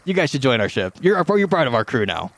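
A man voicing a cheerful small male gnome officer who greets old army friends in a chummy, excited way. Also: mid-range voice, quick pace.

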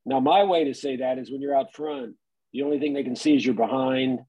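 A man's voice: mid-range voice, a little fast, husky, dry recording, dull audio. A man giving encouraging advice to a group member.

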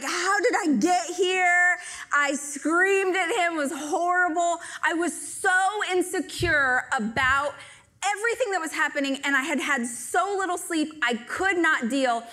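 A woman giving a live stage talk to an audience, telling stories in an animated, joking way. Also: sits high. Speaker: motivational speaker.

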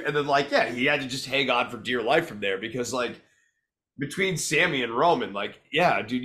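A man's voice: medium pitch, pushed and bright. A man co-hosting a casual chat, talking enthusiastically with many fillers. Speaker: podcast co-host.

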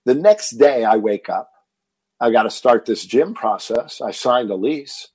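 Husky fifty-something guy from texas, dry close sound, tells his story with lots of stumbles. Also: medium pitch, unhurried, no echo. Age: 50s. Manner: animated storyteller, repeats words when excited. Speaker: guest, fitness entrepreneur. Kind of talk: interview storytelling.

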